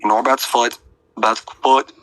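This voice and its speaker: A man's voice: mid-range voice, steady tone, slow pace, a bit bright, rough recording. A man giving rambling, blunt, profane casual commentary to an online audience.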